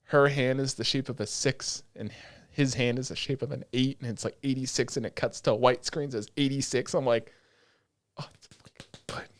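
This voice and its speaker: A man co-hosting a casual anime podcast, excitable and profane, retelling scenes with animated energy. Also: medium pitch, fairly quick, few pauses, no echo, clean studio sound. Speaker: podcast co-host.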